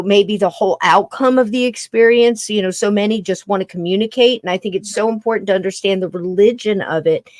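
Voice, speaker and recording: A woman's voice: medium pitch, no room sound. A woman hosting a podcast in casual conversation, chatty and rambling, often tripping over her words. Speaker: podcast host.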